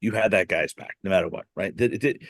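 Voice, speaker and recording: A man from Boston hosts a podcast and tells his stories at a rapid clip in a low voice. He rambles, restarts sentences and leans on fillers. The sound is dry and close. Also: fairly bright tone, no echo. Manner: rambling storyteller, heavy "you know" fillers and self-restarts. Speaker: podcast host. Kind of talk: casual interview chat.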